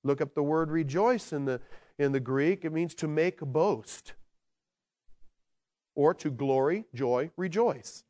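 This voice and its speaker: A male pastor preaching a sermon with animated delivery, dropping into slow, quiet emphasis and then building to excited bursts. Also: a little high. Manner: slows down to stress key words.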